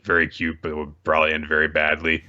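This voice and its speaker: A man's voice: rumbling low, monotone, fast talker, bright, forceful tone, muffled recording. A man co-hosting a podcast, casually recapping manga chapters in a rambling way, often correcting himself and adding asides.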